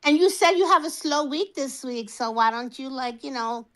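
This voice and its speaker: A woman's voice: high-pitched, moderate pace, rough recording. Playful teasing woman in a live chat. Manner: playful, teasing, rambling with many fillers. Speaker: regular speaker in a live audio space. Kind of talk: casual live-stream chat.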